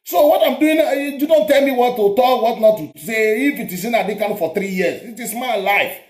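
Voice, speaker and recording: Forceful high-voiced Nigerian man, echoey room. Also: a little fast. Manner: forceful, interrupting, repetitive. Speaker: show host. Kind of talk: heated political debate. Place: abroad, home.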